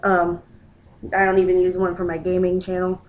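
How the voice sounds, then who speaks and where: A woman's voice: completely flat delivery, moderate pace, slight background noise, poor audio. A young woman chatting casually as she unboxes a package at home, recorded on a built-in laptop mic, cooing at her cat now and then. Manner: chatty, coos at her cat in a high baby voice. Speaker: vlogger. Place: home room.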